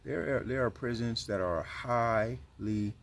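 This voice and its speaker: A man's voice: medium pitch, slow pace, creaky, slight background noise. A man hosting his channel, giving earnest, slangy advice in a casual monologue. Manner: earnest, slangy, repeats points.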